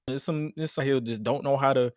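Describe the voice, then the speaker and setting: A man hosting a casual podcast interview, talking in a laid-back, halting way. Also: mid-range voice, fairly even intonation, crowd noise. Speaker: podcast host.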